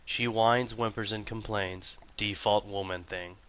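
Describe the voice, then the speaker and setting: A man's voice: on the low side, unhurried, smooth. A man hosting a gaming video, telling a comic story and talking through his gear with crude, profane banter. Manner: shifts from hushed storytelling to loud excited bursts. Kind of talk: comic storytelling and gameplay commentary.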